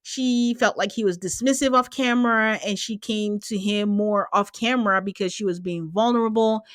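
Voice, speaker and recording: A woman hosts a casual recap podcast, talking in an animated way and breaking into laughter. She acts out what people said in quick little impressions. Her voice sits at a middle pitch and sounds dry and close. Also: no room sound. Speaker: podcast host.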